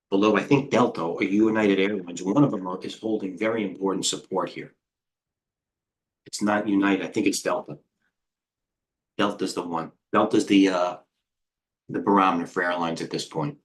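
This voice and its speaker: A middle-aged American man hosting a live trading stream, excitable and rambling, jumping between stocks with quick quips. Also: fairly low pitch. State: out of breath. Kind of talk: live market commentary.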